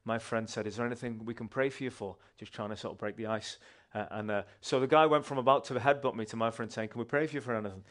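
A man, a church member giving a personal testimony in an animated, conversational way with restarts. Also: medium pitch, quick pace, hardly any pauses.

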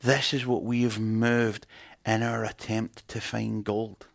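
Gravelly, chatty male preacher. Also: lowish voice, little pitch movement, slow, no echo, studio quality. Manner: chatty, asks the audience questions. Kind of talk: conversational sermon teaching.

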